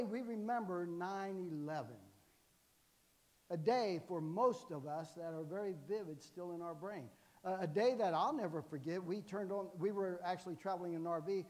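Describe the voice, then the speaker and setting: Older guy preaching, lots of amens and corny jokes, kinda high voice, big echoey church hall. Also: a little mellow. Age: 60s. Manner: folksy, jokey storytelling with frequent "amen". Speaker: guest preacher. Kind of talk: sermon. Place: church sanctuary.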